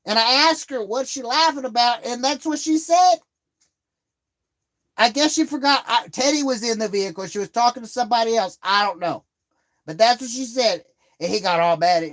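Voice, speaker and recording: A man's voice: extremely high pitch, normal speed, fairly bright tone. A man telling a rambling, profanity-heavy story on a live stream, getting heated as he retells a grievance. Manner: profane, rambling, swears constantly.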